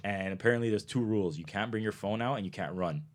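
A man's voice: on the low side, fast. A young man from Toronto, a touring performer, telling casual podcast stories, swearing and acting out quotes with laughter.

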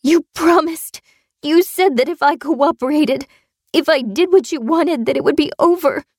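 A woman's voice: high voice, moderate pace, darkish tone, no echo, studio quality, pitched above the performer's own voice. A woman voicing a terrified young woman held captive, pleading, screaming and whimpering in an audiobook thriller. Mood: desperate.

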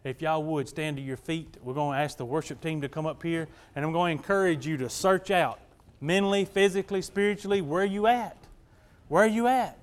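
A male pastor preaches in a folksy, talky way, often tossing questions back to the congregation. His voice sits high for a man, and his sermon swings between easy chat and raised emphasis. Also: fairly quick, clear, resonant tone. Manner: folksy, conversational, keeps asking the congregation "right?".

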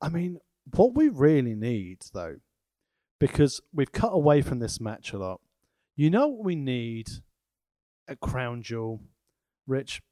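A man's voice: medium pitch, very animated, a little slow, pauses often, dark tone, dry recording. A man co-hosting a wrestling podcast, making dry sarcastic quips in casual chat.

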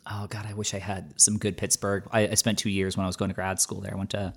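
Man, very deep voice, casual chat, rambling, many fillers. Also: little pitch movement, quick pace, creaky. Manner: rambling, full of fillers and restarts.

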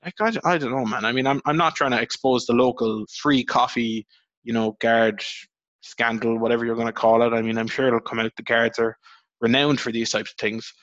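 Fast-talking Irish man, rambling. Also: no echo, muffled recording. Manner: rambling, swears, animated storytelling with pitch jumps. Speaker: podcast host. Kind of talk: casual podcast chat.

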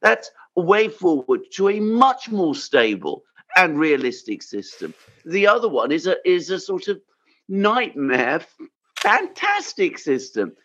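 A man joins a panel discussion over dull, lo-fi audio that sounds like a remote call. His voice sits fairly high and swoops around in pitch. He asks pointed questions and stumbles into quick restarts. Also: huge pitch swings, a bit bright.

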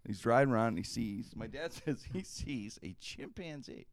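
Gravelly, animated radio show host. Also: male voice, medium pitch, moderate pace. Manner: animated, laughing through his stories, drawls "man". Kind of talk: casual storytelling on a talk show. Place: radio studio.

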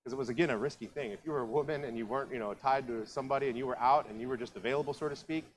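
A man's voice: mid-range voice, racing, rough recording. A male pastor from Ohio preaching a sermon in a conversational, storytelling way, full of asides and questions to the congregation.

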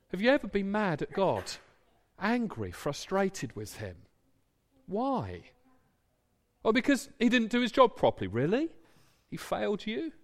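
Guy in his 30s preaching, kinda high voice, really lively up and down. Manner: animated, acts out imagined voices. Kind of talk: sermon.

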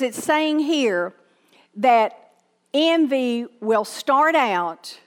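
A woman's voice: fairly high pitch, big-room sound. A woman pastor with a Southern accent, preaching a sermon with emphatic repetition and questions to the congregation.

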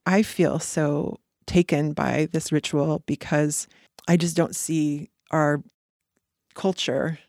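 A woman guest on a podcast, talking earnestly in a reflective conversation with halting restarts. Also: low-pitched, steady tone, gravelly, a little mellow, no echo, clean studio sound. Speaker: podcast guest, eating disorder clinic co-founder.

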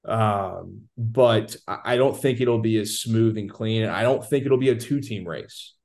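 A man's voice: on the low side, measured pace, creaky, a little mellow. A man on a casual sports chat, confidently breaking down how the league is going. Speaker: soccer analyst guest.

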